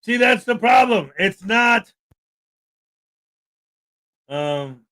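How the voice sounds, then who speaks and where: With a strikingly high-pitched voice, the man running this livestream retorts to chat in a bright, biting, sarcastic and indignant way. His intonation is lively, he stretches out his words, and a crowd can be faintly heard.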